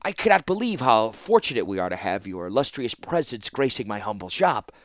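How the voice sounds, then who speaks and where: A man's voice: on the low side, big pitch swings, fairly quick, dry recording, clean studio sound. A man voicing a fawning, flustered shopkeeper who makes clocks, in an audiobook reading. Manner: obsequious, flustered and gushing. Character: fawning middle-aged male shopkeeper clockmaker. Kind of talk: audiobook character voice.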